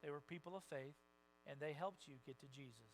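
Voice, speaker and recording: A male pastor delivers a lively, conversational sermon in a church, quoting people in their own voices. His voice sits a little high for a man, and he swings between soft asides and loud, energetic peaks. A faint mains hum runs underneath. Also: a little fast, low-quality recording. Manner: animated, conversational preaching with quoted voices and sudden loud rises. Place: church sanctuary.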